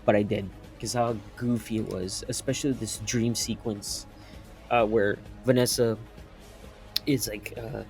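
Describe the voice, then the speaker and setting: A young man of mid pitch talks through a film review with no script, restarting his sentences and laughing at the goofy parts. He sounds honestly baffled, with casual swearing. Faint music plays behind him. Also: darkish tone. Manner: rambling, incredulous, laughs often, swears casually. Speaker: movie reviewer. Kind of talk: unscripted spoken movie review.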